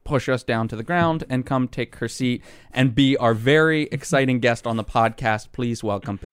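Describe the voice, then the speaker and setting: A man co-hosting a podcast, bantering in improvised comedy with a deadpan, mock-formal manner. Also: medium pitch, moderate pace, clean tone, dry recording, clean studio sound. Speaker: podcast co-host.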